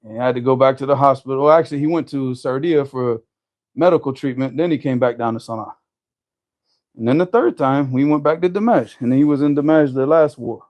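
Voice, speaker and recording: A man telling a story in casual conversation, animated, often restarting his sentences. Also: mid-range voice, brisk, muffled recording. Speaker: storyteller guest.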